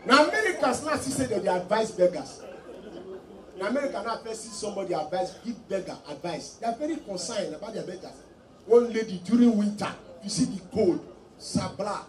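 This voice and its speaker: A man doing stand-up comedy in Nigerian Pidgin English, acting out his characters in animated voices. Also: brisk, a crowd in the background. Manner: animated, acts out characters in a shrill high voice. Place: live comedy show. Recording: roomy live venue, mic from a distance, audience noise.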